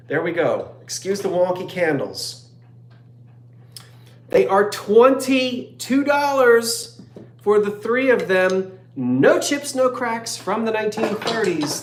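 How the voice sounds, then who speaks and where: A man's voice: on the high side, reverberant, a little hiss or hum. A man in his fifties hosting a live online antique sale, rambling and joking as he reads out viewers' comments. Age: 50s. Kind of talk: chatty live-stream sales talk.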